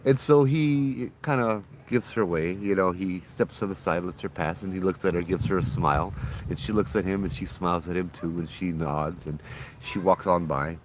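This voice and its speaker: A man with a low voice tells a ghost story in a casual, chatty way. He sounds relaxed and slips into the voices of the people in the story. He is recorded outdoors with faint noise in the background. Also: moderate pace.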